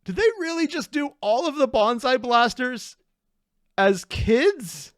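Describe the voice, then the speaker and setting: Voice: high-pitched, slow, no room sound, studio quality. A person hosting a reaction video, chatting casually, laughing often and cutting themselves off mid-thought. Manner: excitable, laughing, self-interrupting.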